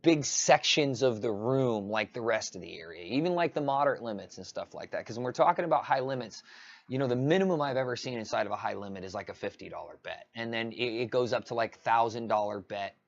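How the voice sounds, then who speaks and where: A man's voice: mid-range voice, animated, quick pace, dull audio. Rambling man ranting on a livestream. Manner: rambling, many restarts and fillers. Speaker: live streamer. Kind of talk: casual livestream rant.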